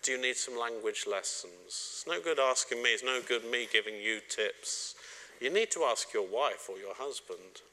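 Bright-voiced man preaching to a congregation. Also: medium pitch, expressive, moderate pace. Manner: warm, joking, direct address to the congregation. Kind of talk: sermon.

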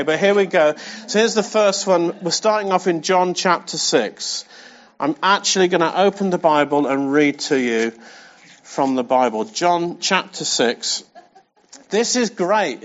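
High-voiced male preacher, dull lo-fi sound. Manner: conversational, speaks directly to the congregation; emphatic, repeats key phrases. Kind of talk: sermon.

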